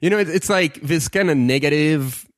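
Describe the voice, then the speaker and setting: A man's voice: fairly high pitch, normal speed, no echo, clean studio sound. A man co-hosting a casual tech podcast, telling everyday stories with lots of restarts and small laughs. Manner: anecdotal storytelling with many restarts. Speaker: podcast co-host.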